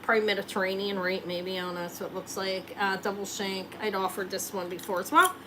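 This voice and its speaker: Woman selling rings on a live stream, chatty and jokey, thinking out loud, faint hiss behind her. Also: mid-range voice, steady tone, quick pace. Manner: chatty, joking, thinks aloud while showing rings. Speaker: jewelry seller hosting a live sale. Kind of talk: casual live sale chat.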